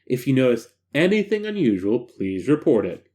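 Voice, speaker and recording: A man voicing a calm, detached male doctor who gives formal, flat instructions. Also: medium pitch, moderate pace, pitched below the performer's own voice, natural voice. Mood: clinical.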